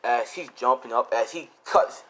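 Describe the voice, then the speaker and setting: A man's voice: mid-range voice, normal speed, a bit bright, rough recording. Young man rambling through a fan story. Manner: rambling, loose and casual with lots of fillers and swearing. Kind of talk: improvised fan-fiction storytelling.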